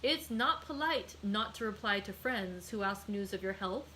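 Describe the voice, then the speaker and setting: A woman's voice: mid-range voice, expressive, moderate pace, sharp tone, a little hiss or hum, rough recording. A woman reading aloud and voicing a jovial, half-drunk man who teases his friend in a raised, mocking voice. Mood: teasing.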